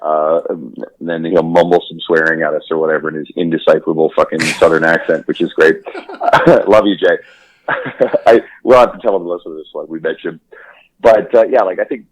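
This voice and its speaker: A man's voice: a bass voice, fairly even intonation, fairly quick, rough recording. A man co-hosting a podcast, chatting casually in a rambling way, swearing freely and laughing often. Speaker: podcast co-host.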